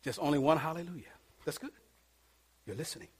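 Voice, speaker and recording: Male pastor, high voice, sermon with call-and-response, soft passages building to shouted peaks. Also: brisk, husky. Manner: swings from hushed to shouting, call-and-response preaching. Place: church.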